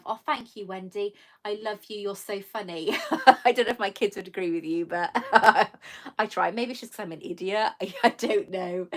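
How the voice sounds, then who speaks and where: A middle-aged woman chatting casually on a live stream. She reads viewers' comments aloud, thanks them, and mocks herself with a laugh. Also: medium pitch. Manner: chatty and self-mocking, reading comments aloud, laughing often. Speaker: YouTuber answering live chat.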